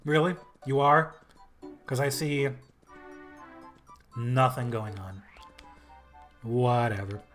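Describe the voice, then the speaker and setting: A man's voice: mid-range voice, takes it slowly, long pauses, a bit bright. A man giving casual gameplay commentary in a let's play, with offhand, dry asides. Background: game music.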